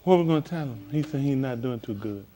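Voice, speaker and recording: A man's voice: mid-range voice, lively intonation, fast talker, dark tone, slight background noise. A man coaching a group class, joking and laughing as he runs practice drills. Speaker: class instructor.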